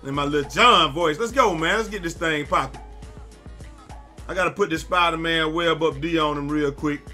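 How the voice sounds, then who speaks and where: A young man giving loud, excitable live commentary while playing a basketball video game, often yelling at his teammates. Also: fairly high pitch, normal speed, soft background music. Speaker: gaming YouTuber.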